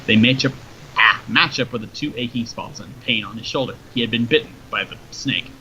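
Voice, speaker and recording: A man reading a story aloud in a steady, descriptive narration, in a dull lo-fi recording with faint noise. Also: mid-range voice, brisk. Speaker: story reader.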